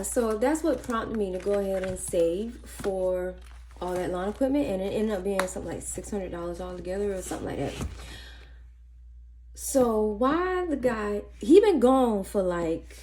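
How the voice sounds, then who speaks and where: Woman yapping a story while counting bills, mid voice, light hiss. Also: mid-range voice. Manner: chatty, animated storytelling, counts money under her breath. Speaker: budgeting vlogger. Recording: faint background noise and clicks.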